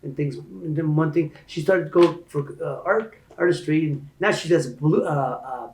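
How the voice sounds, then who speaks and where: A man in his sixties telling stories as a podcast guest, animated and building up loud and high to make his points. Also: normal speed, echoey room, rough recording. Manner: animated storyteller, rising loud and high when making a point. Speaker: interview guest. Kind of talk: storytelling in a podcast interview.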